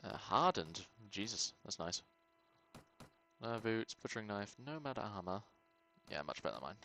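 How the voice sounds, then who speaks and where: A man's voice: fairly low pitch, moderate pace, slight background noise, poor audio. Man swearing through gameplay commentary. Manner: excitable, swearing, mutters to himself. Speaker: gaming channel host.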